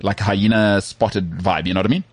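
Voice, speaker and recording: A man's voice: lowish voice, a little fast, no echo. A man co-hosting a sports podcast, telling jokey stories in casual chat. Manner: joking, animated storytelling with frequent "mate" and laughs. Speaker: podcast co-host.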